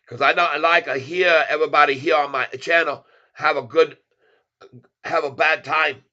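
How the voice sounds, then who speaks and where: A man hamming up a teasing character with a put-on foreign accent, talking in broken English with a bright, forceful edge. He jokes and lectures in short, clipped phrases. The audio is dull and lo-fi. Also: a little high, fairly even intonation, very slow, exaggerated voice. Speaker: stock channel host.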